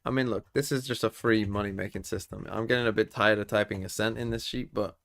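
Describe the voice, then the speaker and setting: A man with a lowish, steady, fast, creaky, slightly bright voice is streaming live. He chats casually with viewers, reads chat, and mutters guesses to himself while thinking aloud through a word puzzle.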